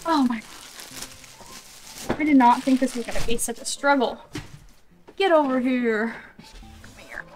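Excitable high-voiced woman unboxing toys. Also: measured pace, long pauses, soft background music. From California, USA. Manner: excitable, gushing, talks to viewers. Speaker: vlogger. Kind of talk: casual unboxing vlog.

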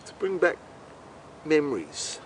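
A man's voice: a little high, huge pitch swings, measured pace, far from the mic, heavy background noise. A man with an Australian accent telling a meandering, profane, incredulous comic story. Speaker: host. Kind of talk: rambling comic monologue.

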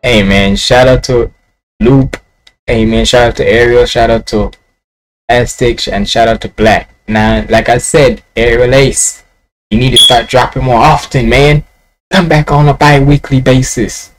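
A man's voice: mid-range voice, fairly even intonation, unhurried, a little hiss or hum, poor audio. A man with a Jamaican accent hosting a casual music reaction video, rambling and musing aloud.

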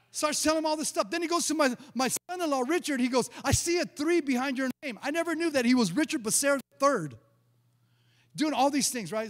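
Middle-aged male pastor, high-pitched, animated storyteller, church with long reverb. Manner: animated storyteller, acts out dialogue, repeats words. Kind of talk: sermon with storytelling.

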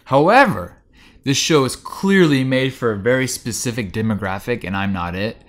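Brief: male podcast host, middle-pitched voice, loose rambling recap with lots of "like". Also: animated, moderate pace. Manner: rambling recap with many fillers and restarts. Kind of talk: casual chat.

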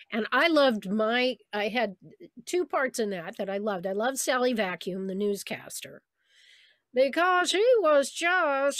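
A woman voice actress chats over a video call, animated and full of stories. Her voice sits mid-range and sounds close and dry. She now and then drops into quick impressions of people she remembers. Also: medium pitch, dry recording. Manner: chatty, animated storyteller who slips into voices of people she quotes. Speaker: voice actress guest. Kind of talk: casual interview on a video call.

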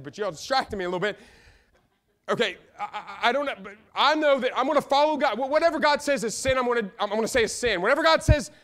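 A man preaching a sermon in a church, fervent, swinging between loud outbursts and quiet asides. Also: high-pitched. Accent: Midwestern American. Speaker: pastor. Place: church sanctuary.

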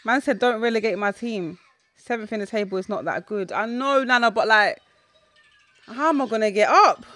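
A young woman commentates her own football game with a bright, forceful voice that sits a little high. She yells at near-misses, groans at the result and snaps at people in the room. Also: normal speed, no room sound. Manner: excitable, shouts and groans at the game; talks back to people in the room. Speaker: gaming YouTuber. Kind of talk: live reaction commentary while playing.

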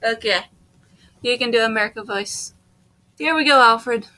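A woman's voice: on the high side, moderate pace, pushed and bright. A young woman casually playing a dating game with a friend and reading its lines aloud, playful and giggly. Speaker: let's play host. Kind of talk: casual gameplay chat with read-aloud dialogue.

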